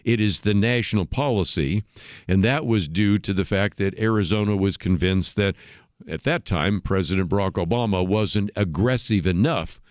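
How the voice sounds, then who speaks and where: Male talk radio host, low voice, dry studio sound, conversational explainer. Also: normal speed, clean tone, no echo. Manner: conversational, explains history step by step. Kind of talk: solo commentary on a talk radio show.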